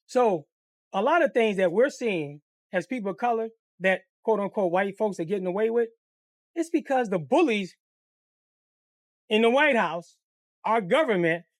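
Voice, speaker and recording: Here a storyteller who runs his own channel, his voice sitting high, narrates a personal anecdote in a loose monologue, swearing freely and voicing the characters himself. He comes across animated and profane. It's a clean studio recording with no room sound.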